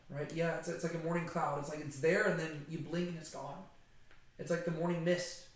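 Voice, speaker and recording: High-voiced man teaching in an echoey room. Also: normal speed. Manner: animated, conversational, lots of "like" and "right?". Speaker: Bible teacher. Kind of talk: casual Bible study teaching.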